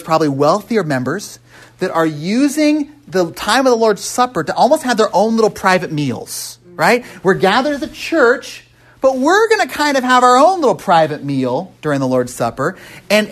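A man's voice: high-pitched, big pitch swings, normal speed, fairly bright tone. A man preaching a casual, interactive sermon, walking through a text and quizzing the congregation with frequent "right?" tags and restarts. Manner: conversational, asks the congregation questions. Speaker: pastor.

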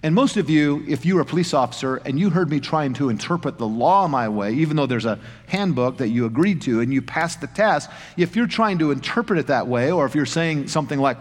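A man's voice: a little high, expressive, fairly quick, hardly any pauses. A man preaching a sermon, telling anecdotes in a folksy storytelling manner with self-deprecating humor. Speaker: pastor. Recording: long reverb of a large hall.

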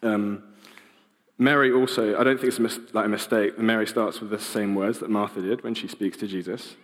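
A man's voice: fairly low pitch, fairly even intonation, brisk, a bit bright, long reverb tail. A young man giving an informal sermon, casual and hesitant, with many ums and restarts. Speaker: preacher.

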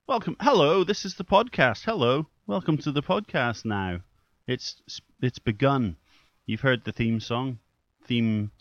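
A man's voice: medium pitch, fairly bright tone, dry recording. A young man hosting his own podcast, rambling casually and poking fun at himself, swearing now and then. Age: young adult. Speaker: podcast host. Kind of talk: casual solo podcast chat. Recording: dull lo-fi dry recording.

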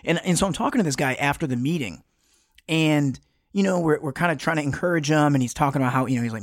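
Guy rambling thru a story, lots of likes and you knows, kinda high voice, dry close sound. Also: quick pace, no room sound. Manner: rambling, many fillers and restarts, laughs often. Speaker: guest. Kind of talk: casual storytelling chat.

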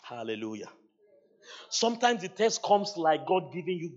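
A man preaching a sermon at a church service, animated, laughing often and acting out dialogue with God. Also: fairly high pitch, normal speed, muffled recording. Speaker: pastor.

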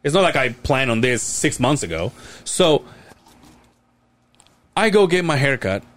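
A man's voice: medium pitch, very animated, unhurried, fairly bright tone. A man in his late thirties hosting a podcast, telling a long, rambling story in casual chat and swearing freely. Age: late 30s. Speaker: podcast host.

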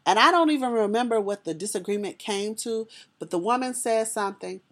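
A woman's voice: on the high side, brisk. Woman, personal storyteller; conversational, talks straight to the audience. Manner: lively, conversational, addresses listeners directly.

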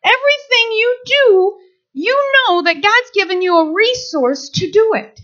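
A woman preaching a sermon to women, lively and playful, acting out little scenes. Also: very high-pitched. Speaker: women's ministry speaker. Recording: dull lo-fi recording.

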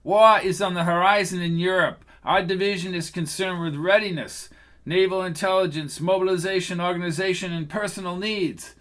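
A man plays a self-assured young government agent from an audiobook. The voice sits a little high and sounds cocky and bossy. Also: normal speed, hardly any pauses, bright, forceful tone. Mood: threatening.

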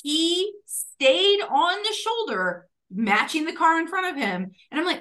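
A woman's voice: extremely high pitch, animated, measured pace, few pauses, pushed and bright. A woman telling a funny story in casual chat, acting out quotes and laughing often.

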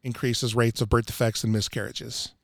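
A man's voice: medium pitch, flat delivery, normal speed, vocal fry, no room sound. A man talking casually as a podcast guest, pressing his points hard and repeating phrases for emphasis. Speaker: water filtration installer, guest. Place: Utah.

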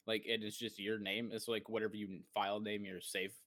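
A man's voice: on the low side, flat delivery, a little fast, a bit bright, no room sound. A man co-hosting a casual gaming podcast, rambling and acting out his own past reactions as he tells a story. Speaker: podcast co-host.

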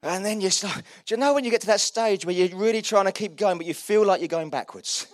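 Chatty preacher with a dry sound. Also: male voice, sits high, fast, dry recording. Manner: chatty and self-mocking, with frequent laughs and restarts. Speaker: pastor. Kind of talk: sermon. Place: church hall.

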